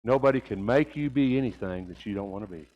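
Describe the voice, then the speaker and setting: Older preacher telling folksy stories. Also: male voice, lowish voice, quick pace, a little mellow, highs cut off. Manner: folksy storytelling, rising to emphatic points. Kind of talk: Sunday sermon.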